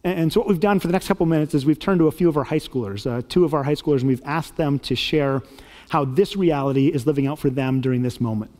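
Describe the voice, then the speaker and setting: A man preaching as a pastor, earnest and warm, moving from reading scripture into storytelling. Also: a little high, fast talker, long reverb tail. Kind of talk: sermon.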